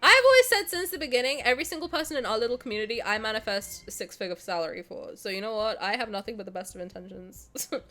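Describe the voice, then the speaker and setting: A woman's voice: on the high side, expressive, fast talker, hardly any pauses, sharp tone. A woman streamer who is sick, chatting effusively with her viewers and reading game text aloud, with many restarts and bursts of laughter. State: sick, slightly congested.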